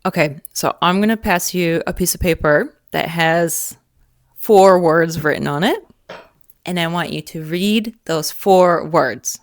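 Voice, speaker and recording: American woman, about forty, casual vlog host; low, gravelly voice, playful and self-mocking. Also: unhurried, no echo. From United States. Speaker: vlogger host. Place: outdoors by the sea.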